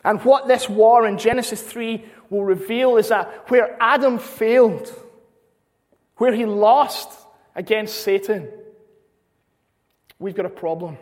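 A man preaching a sermon, earnest, repeating phrases for emphasis. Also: sits high. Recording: long hall reverb.

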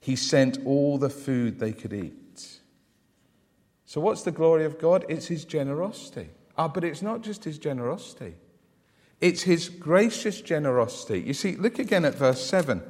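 A man preaching a sermon, lively and emphatic, often putting questions to the congregation. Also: on the high side, moderate pace, big-room sound. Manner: animated, asks the congregation questions.

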